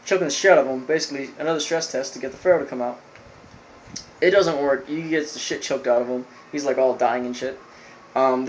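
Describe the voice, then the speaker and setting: A man's voice: mid-range voice, slight background noise, low-quality recording. A man reviewing an anime episode, retelling the plot in a loose, rambling way with lots of fillers. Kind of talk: casual spoken recap.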